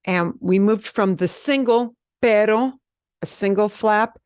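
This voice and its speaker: A woman's voice: mid-range voice, slow, a little mellow, clean tone, no echo, clean studio sound. A woman from the teaching a beginner Spanish lesson, patiently repeating words and drilling the trilled R. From American Southwest.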